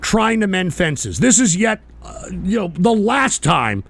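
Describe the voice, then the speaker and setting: A combative male host of a live political talk stream, cursing and barking back at trolls. His voice sits high and gravelly. It swings widely in pitch as he rants. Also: sing-song, unhurried. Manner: profane, combative, shouts at trolls. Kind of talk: ranting live political commentary.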